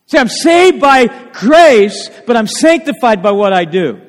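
High-voiced animated pastor in a reverberant hall. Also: male voice, unhurried. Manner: animated, asks many rhetorical questions. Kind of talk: sermon. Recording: long reverb of a church hall.

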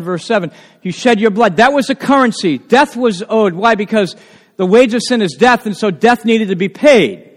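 High-voiced man preaching in a hall. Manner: asks the congregation questions, stretches key words slowly. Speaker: pastor. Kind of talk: sermon.

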